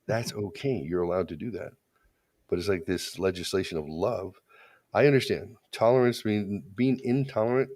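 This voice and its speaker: A man's voice: lowish voice, moderate pace, a little mellow. A man co-hosting a podcast, talking in a casual, opinionated way and telling blunt, crude stories with frequent restarts. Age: adult parent. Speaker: podcast co-host.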